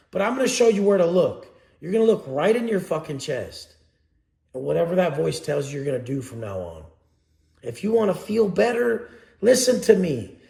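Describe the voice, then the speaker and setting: A man's voice: high-pitched, gravelly, echoey room. A man giving a blunt, profane motivational talk as a coach, preaching to his audience.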